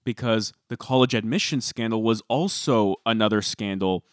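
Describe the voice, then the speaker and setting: Animated man on a dry mic. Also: fairly low pitch, moderate pace, no echo. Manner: animated, emphatic storytelling. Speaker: podcast co-host. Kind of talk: casual podcast chat.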